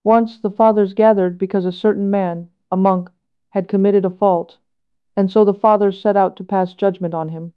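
A woman reading a sermon aloud, telling its stories in a measured, steady way. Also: mid-range voice, clean tone. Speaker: reader of a homily. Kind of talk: read sermon. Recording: dull lo-fi recording.

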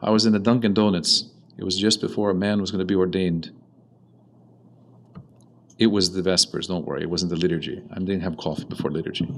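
A man who is an Orthodox priest, giving a sermon with lively storytelling and quoted dialogue. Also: low-pitched, fairly quick, rough recording.

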